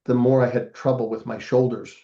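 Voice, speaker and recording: A man's voice: mid-range voice, level tone, fairly quick, dark tone, highs cut off. An older man, a podcast guest, telling a family story in a casual interview and acting out the voices of the people in it.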